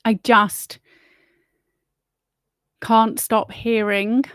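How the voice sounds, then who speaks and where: A woman's voice: fairly high pitch, flat delivery, very slow, a bit bright, clean tone, dry recording, clean studio sound. A woman hosting her own livestream, rambling in a blunt, opinionated way and swearing freely. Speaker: livestream host. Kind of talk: casual opinionated monologue.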